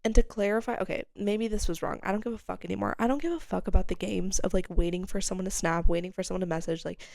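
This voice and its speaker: Young woman rambling with vocal fry. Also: mid-range voice, fast, a little mellow, no echo. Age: young adult. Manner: rambling, candid, peppered with "like"; swears casually. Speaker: podcast host. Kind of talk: casual solo monologue.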